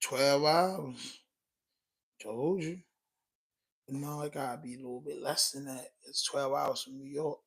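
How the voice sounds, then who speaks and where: Bright-voiced man chatting casually. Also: medium pitch, steady tone, unhurried, gravelly, pauses often, breathy edge, rough recording. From Baltimore. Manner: loose, emphatic, peppered with "you know what I'm saying". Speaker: podcast host. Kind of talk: casual livestream chat.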